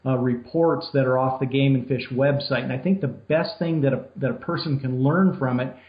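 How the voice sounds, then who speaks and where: A man's voice: mid-range voice, moderate pace. A man from Arizona explains technique at an easy pace, full of ums and restarts. His voice comes through a muffled phone line. The room around him echoes. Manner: relaxed, explanatory, many fillers. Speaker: elk hunting guide.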